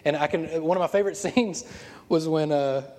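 A man preaching a sermon as pastor, telling stories in an animated way with frequent laughter. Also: fairly high pitch, normal speed. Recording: long hall reverb.

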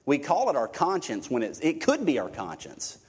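A man's voice: fairly high pitch, wildly swooping pitch, normal speed, darkish tone, breathy edge. Male pastor, middle-aged, casual joking sermon delivery, live church hall reverb. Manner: conversational, joking, emphatic preaching. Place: church sanctuary.

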